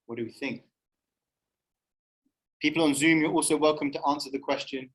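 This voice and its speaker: A man's voice: on the high side, fairly even intonation, moderate pace, fairly bright tone, rough recording. A man leading a spiritual discussion session in a casual, conversational way, with many fillers and frequent questions to his audience in the room and online. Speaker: spiritual society session leader.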